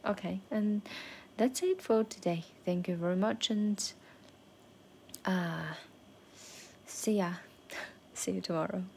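A woman whose first language is Chinese keeps a casual spoken learning diary, pausing often with fillers and repeating phrases to practise them. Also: mid-range voice, vocal fry, warm tone, a little hiss or hum.

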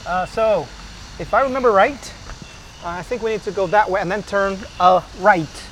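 A man, a father, walking outdoors with his child and talking casually, halting and repeating his words. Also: high-pitched, low-quality recording. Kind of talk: casual walk-and-talk. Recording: loud background noise.

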